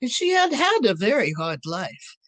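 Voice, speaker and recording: A woman's voice: medium pitch, big pitch swings, normal speed, a bit bright, no echo, poor audio. A woman storyteller playing an ancient, wry witch in a drawling, teasing first-person telling. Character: ancient wry female witch Baba Yaga.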